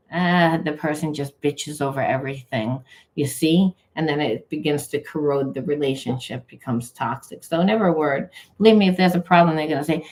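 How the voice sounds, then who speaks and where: A low-pitched woman giving a tarot-style reading in a loose, run-on monologue. She slips into imagined back-and-forth dialogue and repeats phrases to drive her point home. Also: normal speed, darkish tone. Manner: emphatic, acts out imagined dialogue in quotes. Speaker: tarot reader.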